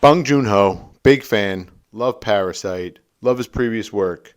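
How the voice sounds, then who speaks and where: A man hosting his own show, ranting to the camera in an animated, profane, exasperated way. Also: fairly low pitch, measured pace, hardly any pauses. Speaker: host. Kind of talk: comedic rant to camera.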